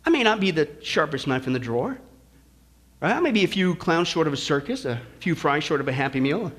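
A man preaching a sermon in church, folksy and joking, swinging from quiet asides to loud exclamations. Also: on the high side, sing-song, a little fast. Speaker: pastor.

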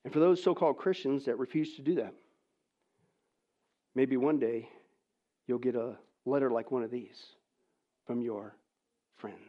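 A man preaching a sermon, switching between hushed pleading and loud, incredulous questioning. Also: mid-range voice, steady tone, unhurried, long pauses, narrow, tinny audio.

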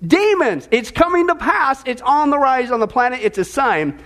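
A male pastor preaching an animated, sarcastic sermon, full of rhetorical questions. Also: very high voice, normal speed.

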